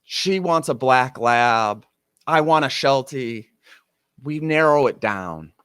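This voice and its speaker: Guy telling a story live, mid-pitch voice, dry close sound, really animated, does the voices of people he quotes. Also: slow, clean tone, dry recording.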